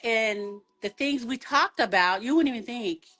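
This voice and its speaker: A woman's voice: on the high side, normal speed, soft background music. A woman from Memphis, a guest telling a story in a casual interview and acting out what people said. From Memphis, Tennessee. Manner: animated, acts out quotes, laughs often.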